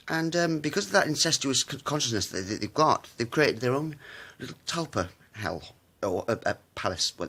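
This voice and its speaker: Husky guy ranting, swears a lot, voice jumps up and down. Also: fairly high pitch, a bit bright. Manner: profane, rambling, sneering. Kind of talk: casual rant to camera.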